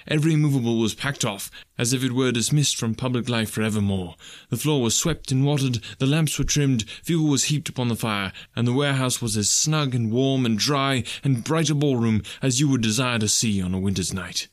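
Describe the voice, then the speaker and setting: A man narrating a classic story as an audiobook, measured and expressive. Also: mid-range voice, dry recording, clean studio sound.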